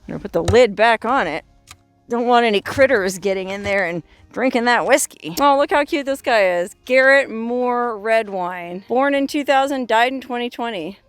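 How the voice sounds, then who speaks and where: A middle-aged woman with a fairly high voice vlogs a walk through the open desert, chatting and reading inscriptions aloud. The sound is dry with no echo, and faint music plays underneath. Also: lively intonation, a little fast. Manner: chatty, reads inscriptions aloud, exclaims softly. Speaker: vlogger exploring remote desert sites. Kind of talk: casual narrated walkabout.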